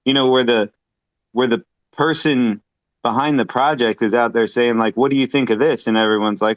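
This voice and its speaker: A man's voice: mid-range voice, brisk, no echo, rough recording. A man chatting on an online voice call, talking in a rambling, thoughtful way. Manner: rambling, thoughtful, many fillers and restarts. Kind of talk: casual voice chat.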